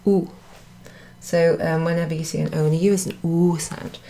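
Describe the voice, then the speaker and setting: A woman's voice: deep voice, little pitch movement, moderate pace, creaky, dark tone. A woman teaching a beginner French lesson in a chatty way, correcting herself and laughing at her own slips. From United Kingdom. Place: indoor room at a pub.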